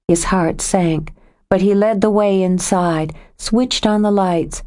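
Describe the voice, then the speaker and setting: Low-voiced woman narrating a novel. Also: fairly even intonation, unhurried, darkish tone. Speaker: audiobook narrator. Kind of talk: scripted narration.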